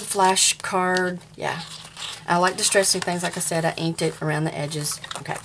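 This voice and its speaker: Her voice is lowish with fairly even intonation and normal speed, over background noise. She's a Southern woman in her forties, with the accent to match, casually showing viewers a handmade craft journal in a show-and-tell vlog.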